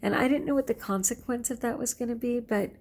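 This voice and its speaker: A woman and teacher telling a personal story in a vlog, lively, with whispered asides. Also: a little high, quick pace. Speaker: teacher and vlogger.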